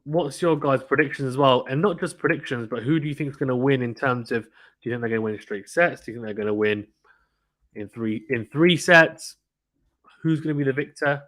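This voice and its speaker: A man in casual watchalong mode, talking to his chat in a mid-pitched voice and often repeating himself. His voice is recorded close and dry, with no room sound, like a desk microphone at home. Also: fast talker, no echo. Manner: chatty, repeats himself, talks to chat viewers. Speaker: live stream commentator.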